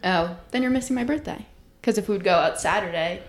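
A woman's voice: medium pitch, fairly quick. A woman in her twenties, a podcast guest chatting casually, easygoing and giggly with lots of fillers. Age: 20s.

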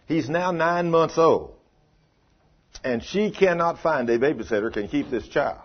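An older man preaching a sermon in a folksy storytelling way, dropping low for commands. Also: lively intonation, unhurried. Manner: folksy, drops into low hushed commands when quoting himself. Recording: dull lo-fi recording.

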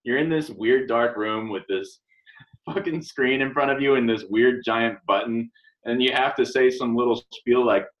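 A man's voice: medium pitch, normal speed. A man co-hosting a podcast in casual chat, swearing freely and laughing through his sentences. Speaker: podcast co-host. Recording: dull lo-fi mic.

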